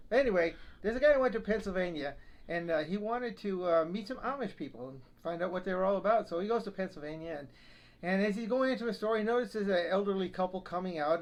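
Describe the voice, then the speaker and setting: An older man co-hosting a casual crafting chat, telling a folksy joke with plenty of fillers. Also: high-pitched. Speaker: co-host.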